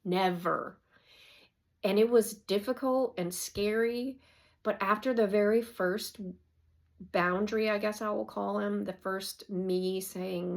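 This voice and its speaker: Gravelly fifty-something lady doing a card reading, reads the card then rambles on. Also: medium pitch, steady tone, takes it slowly. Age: 50s. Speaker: oracle card reader. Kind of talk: casual oracle card reading.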